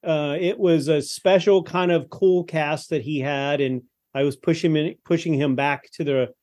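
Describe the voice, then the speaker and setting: A man's voice: fairly high pitch, fairly even intonation, moderate pace, a little mellow. A man in his fifties from Texas, a guest telling stories in a casual interview chat, rambling with frequent restarts over a video call. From Texas, USA. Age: 50s.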